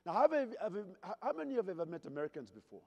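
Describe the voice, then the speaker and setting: A man's voice: sits high, very animated, very fast, vocal fry, darkish tone, highs cut off. A man from Zaire giving a humorous storytelling keynote, playfully asking the audience questions, in a hotel ballroom at a convention. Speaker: keynote speaker. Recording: reverberant convention hall.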